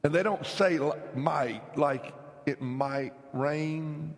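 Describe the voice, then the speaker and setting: A man from North Carolina, preaching an emphatic revival sermon that swings between loud, shouted lines and hushed whispers. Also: on the high side, takes it slowly, long reverb tail. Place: church sanctuary.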